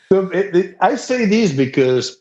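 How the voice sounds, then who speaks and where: A man from Spain with a thick Spanish accent, a guest musician telling stories casually, animated and laughing often. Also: high-pitched. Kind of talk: casual storytelling. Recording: echoey, dull sound.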